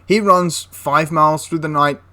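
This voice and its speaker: A young man with a slightly high, sharp-toned voice talks a little slowly. He hosts a history channel and casually retells a wartime story, chatty and prone to correcting himself mid-sentence.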